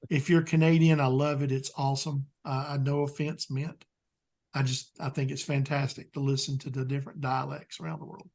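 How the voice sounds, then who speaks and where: A man's voice: medium pitch, flat delivery, fairly quick, creaky, a little mellow. A man with a Southern US accent, chatting as a guest expert in an interview, plain-spoken and rambling with lots of "um"s. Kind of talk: casual interview chat.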